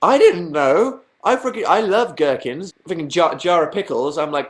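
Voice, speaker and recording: A man's voice: on the high side, quick pace, hardly any pauses. A young man from England answering viewers' questions in a casual live stream, rambling, mocking himself and swearing freely. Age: young adult. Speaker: YouTuber answering live chat.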